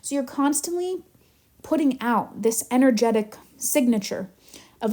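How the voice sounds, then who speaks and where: A woman manifestation coach teaching in a live Q&A, animated and chatty as she tells stories. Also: fairly high pitch, measured pace.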